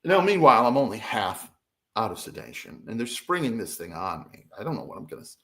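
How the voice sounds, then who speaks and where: Middle-aged man, interview guest, animated storytelling, very lively intonation, acts out dialogue. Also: lowish voice, a little fast.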